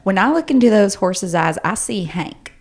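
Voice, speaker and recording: A woman co-hosting a podcast, speaking at a middle pitch. She jokes drily and tells stories loosely, as in casual chat. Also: expressive, normal speed, darkish tone, a little hiss or hum. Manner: dry, joking. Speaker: podcast co-host.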